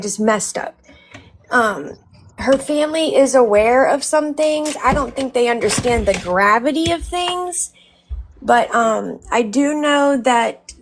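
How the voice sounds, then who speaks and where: Brief: indignant woman guest on a livestream, raspy fry in a higher voice, rambling delivery. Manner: indignant, rambling, frequent ums. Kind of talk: casual livestream talk.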